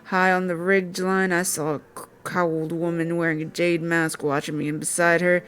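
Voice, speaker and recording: A woman's voice: on the low side, flat delivery, moderate pace, a bit bright, smooth, lightly acted. A woman voicing a shaken, rugged man who writes a letter, in a put-on country accent. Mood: uneasy.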